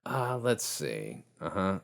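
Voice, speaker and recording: Low-voiced guy doing joking game commentary, lots of up and down in his voice. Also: sing-song, takes it slowly, gravelly. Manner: joking, laughs often. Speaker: game streamer. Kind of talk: casual gameplay commentary.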